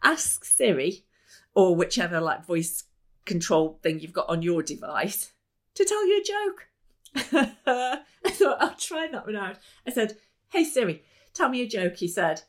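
Upbeat woman giving a talk. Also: unhurried. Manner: upbeat, laughs often, bursts into high excited exclamations. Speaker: speaker. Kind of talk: motivational talk to a live audience. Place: business meeting room.

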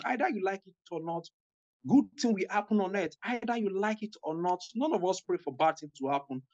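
Woman evangelist, fervent repetitive preaching, mid-pitched, dull recording. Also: darkish tone. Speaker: guest evangelist.

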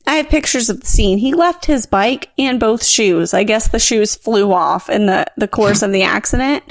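A woman in her thirties co-hosting a podcast, telling an animated, self-mocking story in casual chat. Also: mid-range voice, normal speed, dry recording. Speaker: podcast co-host.

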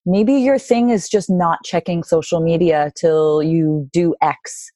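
A woman's voice: fairly low pitch, a little slow, dark tone, no room sound. A woman guest in a casual conversation, reflective and earnest, with frequent fillers. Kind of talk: casual chat.

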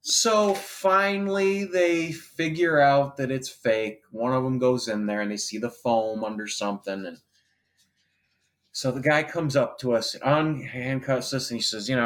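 A man's voice: mid-range voice, moderate pace. A middle-aged man, a former special effects artist, telling a wild story in casual chat, swearing and acting out the voices of the people in it. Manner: animated, swearing, acts out voices in anecdotes.

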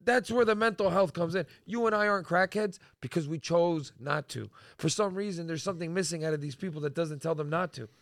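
A man from Canada co-hosting a casual podcast, telling stories in a lively way and swearing freely. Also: on the high side, fairly quick, hardly any pauses, no echo, studio quality. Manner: storytelling, animated, swears freely. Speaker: podcast co-host.

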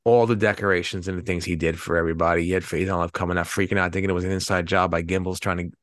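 A man's voice: low-pitched, fairly even intonation, very fast, a bit bright, no echo, clean studio sound. A man co-hosting a podcast, chatting casually about a film, rambling and swearing freely. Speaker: podcast co-host. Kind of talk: casual movie-review chat.

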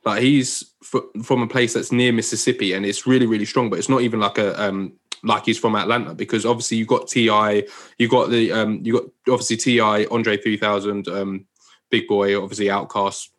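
A man's voice: lowish voice, steady tone, a little fast, fairly bright tone. A man co-hosting a casual podcast, enthusiastic and emphatic about what he likes. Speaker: podcast co-host. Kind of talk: casual chat.

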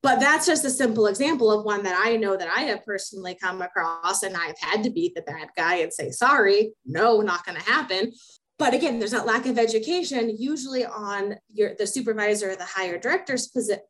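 A woman's voice: mid-range voice, lively intonation, brisk, few pauses, low-quality recording. A young adult woman co-hosting a casual podcast, talking emphatically, laughing often and repeating words as she thinks. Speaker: podcast co-host, horse program specialist.

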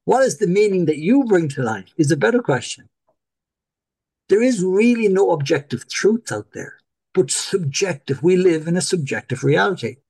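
A middle-aged Irish man, a podcast guest, telling stories in lively fashion and acting out dialogue. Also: high voice, normal speed, breathy edge. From Ireland. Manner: animated, acts out dialogue in his stories. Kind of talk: storytelling in a podcast interview.

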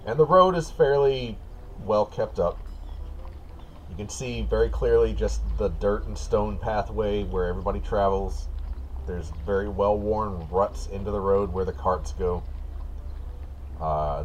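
A man running a tabletop game as game master, setting scenes in a relaxed, patient way. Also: on the low side, measured pace, a little hiss or hum.

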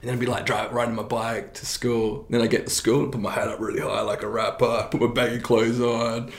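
A man's voice: medium pitch, flat delivery, brisk, gravelly. Man with a faint Kiwi accent. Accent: slight New Zealand. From New Zealand. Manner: chatty, laughing easily. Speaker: preacher. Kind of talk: casual interview chat. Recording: roomy echo.

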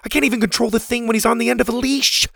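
A man voicing a worried boy at camp who talks in an earnest, quick, defensive way. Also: extremely high pitch, fairly even intonation, gravelly, a bit bright, dry recording, clean studio sound, voice pushed up, heavily acted. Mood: exasperated. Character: worried boy camper pleading his case.

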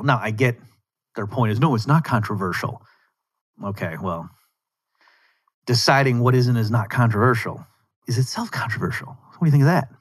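A man hosting a solo podcast, delivering conversational political commentary with rhetorical asides and an argumentative edge. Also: fairly low pitch. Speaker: podcast host.

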